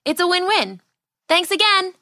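A woman hosting a children's podcast and narrating a bedtime story in an animated, expressive way. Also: extremely high pitch, moderate pace, slight background noise.

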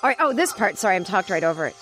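A woman's voice: mid-range voice, very animated, racing, music in the background. A woman hosting a comedy podcast, chatting in a rambling, self-deprecating monologue full of fillers, recorded in a podcast studio. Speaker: podcast host.

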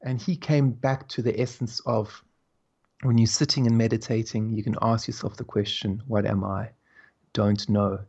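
A man as an interview guest, telling stories in a slow, reflective way with soft laughs. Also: on the low side, flat delivery, breathy edge, muffled recording. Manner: slow, musing, laughs softly between thoughts. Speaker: guest, spiritual teacher. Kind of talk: reflective conversational storytelling.

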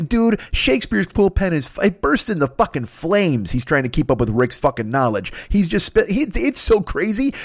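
Fast-talking profane comedian in his fifties. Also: a little high, dry recording, clean studio sound. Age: 50s. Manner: rambling, profane, acts out silly voices. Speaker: podcast host.

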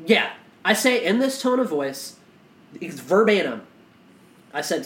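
A man's voice: sits high, big pitch swings, a little slow, pauses often, a bit bright. A man co-hosting a casual podcast conversation, talking with impassioned, profane intensity and frequent restarts. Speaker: podcast co-host. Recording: echoey room.

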